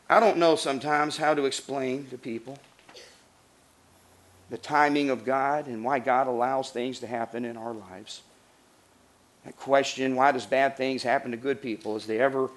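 Guy preaching a sermon, earnest, gets loud on big lines then goes real quiet, middle pitch. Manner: earnest, swings between raised emphatic lines and soft hushed passages. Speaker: pastor.

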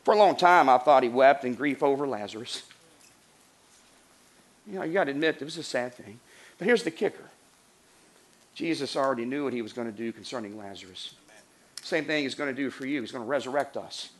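A man preaching a sermon as pastor, earnest, rising to emphatic lines and dropping to soft hushed passages. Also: medium pitch, expressive, brisk, long pauses.

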